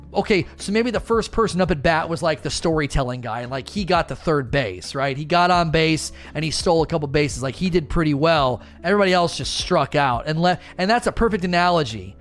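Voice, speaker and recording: A gaming streamer rants about a game season in a lively voice that rises and falls sharply. He rambles, repeats himself and keeps coming back to baseball analogies, with faint music playing behind him. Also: a little high, fairly quick. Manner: animated, rambling, frustrated, uses sports analogies. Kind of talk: casual gaming commentary rant.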